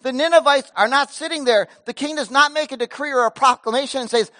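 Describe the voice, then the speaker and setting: A middle-aged man preaching a sermon as pastor, telling stories with big swings between loud emphasis and quiet asides. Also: quick pace, no echo, studio quality. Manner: animated storytelling with wide swings in pitch and loudness.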